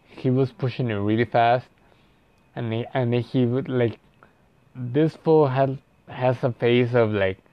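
A man's voice: medium pitch, steady tone, measured pace, dry recording, lo-fi sound. A young man telling a story casually, rambling and profane, with lots of "like" fillers and restarts.

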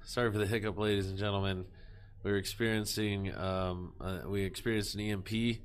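A man co-hosting a podcast in casual chat, joking and crude with a deadpan delivery. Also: lowish voice, brisk, slight background noise. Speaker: podcast co-host.

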